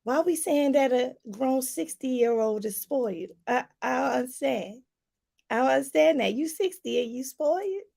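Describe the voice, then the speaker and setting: A woman life coach gives casual advice to her viewers, animated and laughing as she speaks directly to them with "y'all." Her voice is gravelly yet high-pitched, at a moderate pace.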